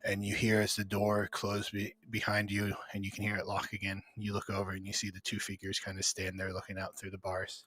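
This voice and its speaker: A man's voice: fairly low pitch, completely flat delivery, fairly quick, hardly any pauses, fairly bright tone, no room sound. A man narrating a tabletop game as game master, casual and descriptive with frequent fillers.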